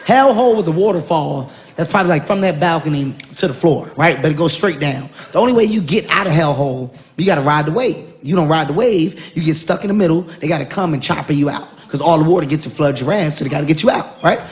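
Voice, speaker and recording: A man doing stand-up comedy, telling a story with an animated, punchy delivery and shouted punchlines. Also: on the high side, quick pace, hardly any pauses. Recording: dull, noisy live stage recording.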